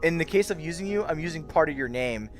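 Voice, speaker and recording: A man's voice: a little high, expressive, quick pace, faint music behind. A tired young man chatting casually on a late-night livestream, yawning and rambling as he greets his chat by name. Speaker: VR streamer.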